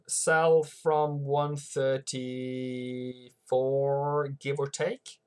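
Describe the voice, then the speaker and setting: A man hosts a relaxed livestream about currency trading. He talks slowly and loosely, restarting his sentences and breaking off to greet viewers from the chat. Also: medium pitch, clear, resonant tone. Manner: rambling, reads viewer comments aloud, frequent restarts. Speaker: forex trading channel host. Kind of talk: casual livestream market commentary.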